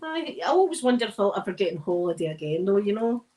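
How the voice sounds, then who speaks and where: A middle-aged Scottish woman talks her way through a chatty live stream while she irons. She rambles from one story to the next, laughs a lot, and her pitch jumps around, sitting at a medium height for a woman. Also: sing-song, fast, noisy background. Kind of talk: casual chat while ironing.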